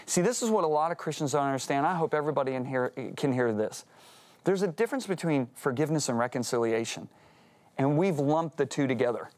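A man's voice: fairly high pitch, expressive, quick pace, darkish tone. A man, a Christian author and guest speaker, telling a story earnestly on a talk show, acting out quotes with animation.

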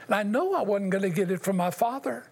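An older man shares his life story in an earnest, emotional way, speaking straight to the host. His voice sits high for a man and has a rough, husky grain. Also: animated, quick pace. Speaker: interview guest. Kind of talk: personal testimony.

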